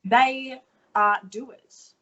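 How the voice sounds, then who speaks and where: A woman's voice: fairly high pitch, fairly even intonation, very slow, a bit bright, highs cut off, slight background noise. A woman in her thirties with an Australian accent, chatting energetically as a podcast guest and swearing casually. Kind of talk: casual interview chat.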